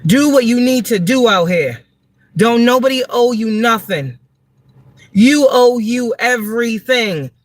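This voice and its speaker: A woman's voice: mid-range voice, no room sound, studio quality. A woman giving a tarot reading in a livestream monologue, blunt, profane and preachy, repeating words for emphasis. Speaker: tarot reader and spiritual advisor.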